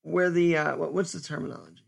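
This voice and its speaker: A man giving an earnest, stern solo commentary as a podcast host, speaking deliberately with pauses. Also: on the high side, steady tone, gravelly.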